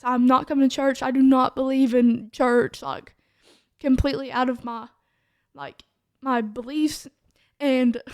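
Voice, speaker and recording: A woman's voice: high voice, no echo, studio quality. A woman, a podcast co-host telling her testimony in a casual chat, full of "like" fillers.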